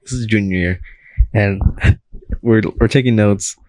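A man's voice: on the low side, a little slow, darkish tone, no room sound. Young guy on a podcast, rambly and sweary, laughs a lot, dry close sound. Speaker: podcast host. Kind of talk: casual chat.

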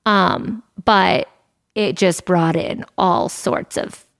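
A woman's voice: fairly low pitch, fairly even intonation, extremely slow, vocal fry. A woman in her thirties from Ohio, a restaurant server guest on a podcast, telling stories in a chatty way and often laughing. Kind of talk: casual chat.

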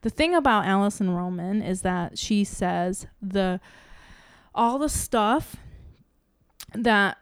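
A woman's voice: mid-range voice, lively intonation, slow pace, pauses often, clear, resonant tone, no echo. Woman, casual podcast co-host, rambling and profane, dry close mic. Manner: rambling, full of "like" and restarts, swears freely; acts out her own inner questions. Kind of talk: casual chat.

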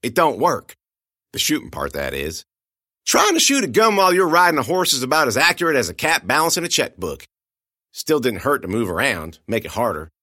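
A man narrating a first-person audiobook with lively, expressive storytelling. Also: mid-range voice, a little fast, dry recording, clean studio sound.

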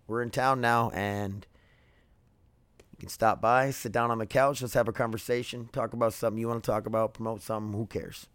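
A man's voice: mid-range voice, fairly even intonation, a little fast, fairly bright tone, clean tone, no room sound. A man in his thirties hosting his own podcast, talking casually and candidly, rambling with many fillers and restarts. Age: 30s. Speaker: podcast host. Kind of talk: casual solo podcast monologue.

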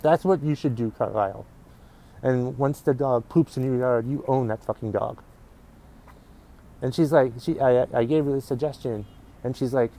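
A man's voice: mid-range voice, normal speed, pauses often, dark tone, poor audio. A man hosting a comedy podcast alone, talking outdoors in public in a profane, grumbling, ranting way. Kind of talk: casual solo podcast rant.

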